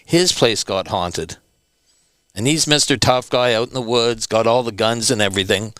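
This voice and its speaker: A man, a returning guest, telling stories in an animated, emphatic way and repeating words for stress. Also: medium pitch, moderate pace, no echo. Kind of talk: animated storytelling.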